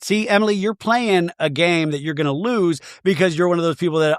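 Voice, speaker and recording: A man's voice: high-pitched, quick pace, no echo, clean studio sound. A man hosting a podcast who recaps reality TV in a chatty, sarcastic style. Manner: animated, chatty, sarcastic asides. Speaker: podcast host.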